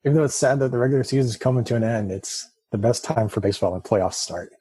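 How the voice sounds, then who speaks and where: A man co-hosting a casual sports talk podcast, relaxed and joking. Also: mid-range voice, quick pace, slightly rough, no room sound. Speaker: podcast co-host.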